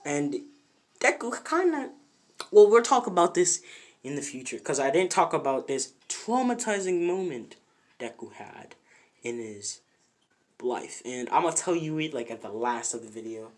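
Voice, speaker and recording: A narrator with a sing-song, mid-range voice makes up a fan what-if story on the spot in a home bedroom. Speaking at normal speed, they ramble casually, correcting themselves and using plenty of fillers.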